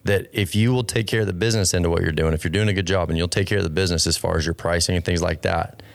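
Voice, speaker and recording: A man hosting a podcast interview, talkative and quick to give advice. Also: low voice, fairly even intonation, gravelly. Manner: rapid, talkative, advice-giving. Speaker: podcast host. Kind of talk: casual interview chat.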